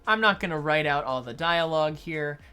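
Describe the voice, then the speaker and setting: A man acting as a game master, explaining adventure design in an unhurried tutorial talk while thinking aloud. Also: fairly high pitch, bright, forceful tone, clean tone, faint music behind.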